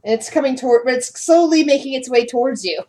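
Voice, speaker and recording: A woman's voice: high voice, fast, a little mellow. A woman running a tabletop game as game master, often restarting her words and giggling.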